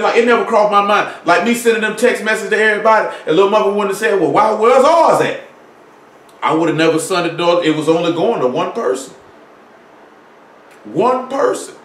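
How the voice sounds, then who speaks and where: A man's voice: sits high, fairly bright tone. A man preaching a sermon in a casual, conversational way, asking his listeners rhetorical questions and reading scripture aloud. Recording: echoey room, mic at a distance.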